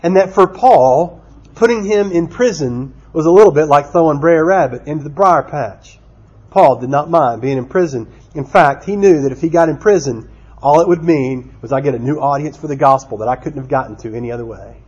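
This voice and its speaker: A pastor preaching a sermon, with a husky voice pitched a little high for a man. He is self-deprecating and speaks directly to the children. The recording sounds dull and lo-fi. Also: brisk, darkish tone.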